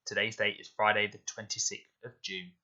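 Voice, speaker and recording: Bright, clear-spoken male teacher. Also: fairly low pitch, flat delivery, highs cut off. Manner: slow, clear, deliberate explanations. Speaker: primary school teacher. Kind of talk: recorded spelling lesson. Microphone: voice-over to slides.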